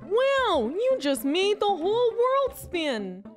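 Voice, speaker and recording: A chirpy little game guide creature with a squeaky, lifted voice, as a woman puts it on. It talks in a slow, bouncy sing-song as it explains the game. It swoops high and stays sunny. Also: big pitch swings, faint music behind, exaggerated voice.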